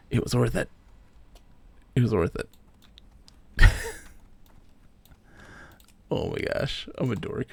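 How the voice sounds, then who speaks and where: Streamer, man, late 30s, gravelly edge, mid-pitched, animated storyteller who swears casually. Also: takes it slowly, pauses often. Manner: animated, acts out quoted people, swears casually. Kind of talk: casual storytelling while gaming. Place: home streaming setup.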